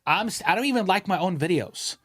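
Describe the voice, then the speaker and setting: Young male podcast co-host, slightly higher voice, animated storytelling with slang and cursing, recorded dry. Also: fast, no room sound. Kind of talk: casual podcast rant.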